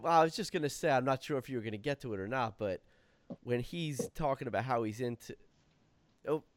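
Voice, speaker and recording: A man's voice: medium pitch, brisk, no room sound. A man casually chatting as podcast co-host about a TV episode, swearing and laughing easily.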